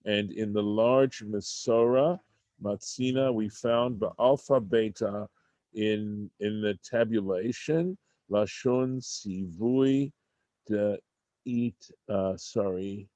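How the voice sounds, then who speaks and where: Teaching a Torah study class, a man with a warm, lowish voice reads Hebrew text and renders it into English. He thinks aloud with halting restarts, and there's no room sound.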